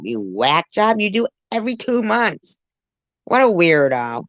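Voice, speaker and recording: A woman's voice: mid-range voice, very animated, measured pace, no echo. A woman hosting a reaction commentary, talking back at a clip with sarcastic, mocking asides. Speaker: commentary channel host. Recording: muffled lo-fi audio.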